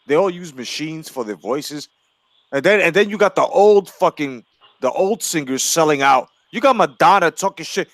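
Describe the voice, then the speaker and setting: A man's voice: on the high side, animated, moderate pace, vocal fry, a bit bright, dry recording. A man co-hosting a podcast, ranting crudely and with heat about celebrities, full of profanity. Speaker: podcast co-host.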